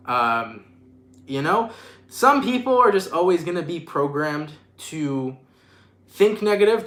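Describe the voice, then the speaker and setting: A man's voice: on the high side, pushed and bright, reverberant, slight background noise. A man giving a casual live-streamed tarot reading, emphatic and profane, speaking with love to viewers. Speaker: tarot reader.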